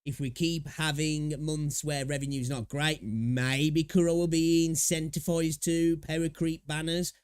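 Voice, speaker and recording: A man's voice: fairly high pitch, level tone, unhurried, hardly any pauses, smooth, dry recording, studio quality. A man hosting a live stream, chatting casually and rambling with many restarts and repeated words. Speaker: livestream host reacting to videos.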